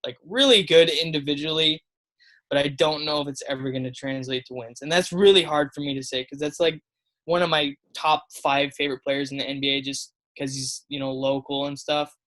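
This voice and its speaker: A man's voice: a little high, steady tone, a little fast, a bit bright. A man co-hosting a casual sports podcast, talking in an easygoing way with frequent laughs and fillers. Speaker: podcast co-host.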